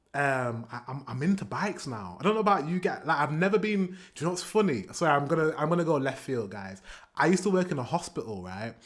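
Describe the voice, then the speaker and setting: A man, chatting casually as a reaction video host, animated and scatting rhythms aloud. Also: a little high. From England. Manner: chatty and animated, scats beats with da da da. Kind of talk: casual music reaction commentary.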